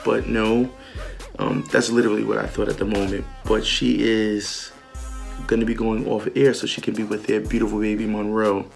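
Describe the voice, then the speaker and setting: A man's voice: on the low side, flat delivery, normal speed, vocal fry, soft background music. A man hosting a podcast, casually recapping a wrestling show, full of ums and retold quotes. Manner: chatty, many ums, retells lines in quoted voices. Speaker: podcast host.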